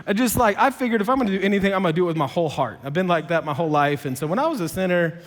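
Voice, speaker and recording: A man's voice: high-pitched, lively intonation, rapid-fire. A male pastor preaching a sermon in a casual, conversational, humorous way. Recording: long hall reverb.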